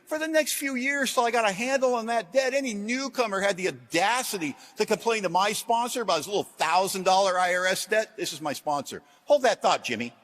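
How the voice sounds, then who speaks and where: A middle-aged man with a fairly high-pitched voice gives a recovery talk to a large audience. He tells self-deprecating stories in punchy one-liners. He moves from loud, emphatic jokes to quiet, earnest reflection. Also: lively intonation, brisk, few pauses. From Washington, USA. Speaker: AA convention speaker.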